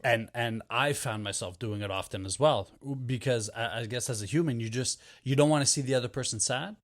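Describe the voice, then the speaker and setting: A man from Canada talks on a relaxed podcast at an average pitch. He stumbles and repeats words while he works toward his point. He grows lively when he acts out an example. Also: a little fast. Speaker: podcast co-host. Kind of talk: casual chat.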